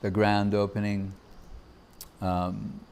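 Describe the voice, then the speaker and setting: Slow and completely flat in delivery, a low-voiced Gaudiya Vaishnava man speaks at a temple festival gathering, with slight background noise. His devotional talk is anecdotal and warmly laughing, and he acts out quoted voices.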